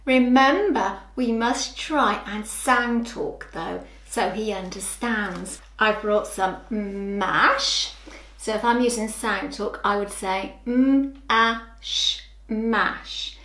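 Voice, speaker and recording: A woman teaching young children phonics, sounding words out slowly with gentle encouragement. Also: on the high side, echoey room. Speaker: early years teacher. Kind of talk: slow, clear children's lesson.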